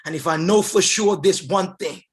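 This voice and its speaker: A man giving a fervent, preacher-style motivational speech. He often rises to shouts and leads the audience in call-and-response. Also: high-pitched, moderate pace. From England. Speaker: motivational speaker.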